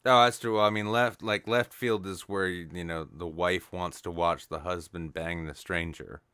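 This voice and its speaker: Deep-voiced man, deadpan and crude. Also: moderate pace, clean tone, no room sound. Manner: deadpan, self-mocking, rambling asides. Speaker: podcast co-host. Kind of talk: crude comedic banter. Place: studio, live stream.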